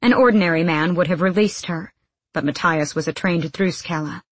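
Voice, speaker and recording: A woman narrating an audiobook in a measured, even way. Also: on the low side, breathy edge, no echo, poor audio.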